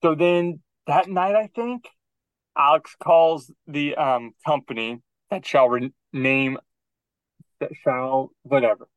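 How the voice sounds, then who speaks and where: A man's voice: fairly high pitch, no room sound, muffled recording. Man telling a rambling story, dry sound. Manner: rambling anecdote, quick restarts, acting out quoted people. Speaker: podcast co-host. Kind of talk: casual storytelling chat.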